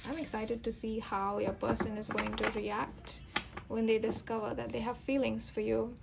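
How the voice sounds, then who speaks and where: A woman's voice: on the high side, level tone, normal speed, creaky, very noisy. A young woman giving a casual tarot reading to camera, chatty and rambling, with fillers and self-corrections. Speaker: tarot reader.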